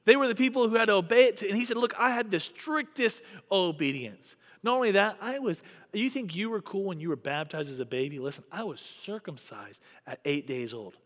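A man preaching a sermon as a pastor, emphatic, swinging between loud emphasis and quiet asides. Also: sits high, in a large hall. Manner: emphatic, rising and dropping dynamically.

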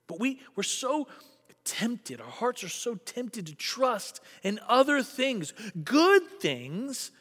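A man preaching a sermon as a pastor, emphatic, swinging between loud emphasis and quiet asides. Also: very high-pitched, very animated, slow, in a large hall. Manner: emphatic, rising and dropping dynamically.

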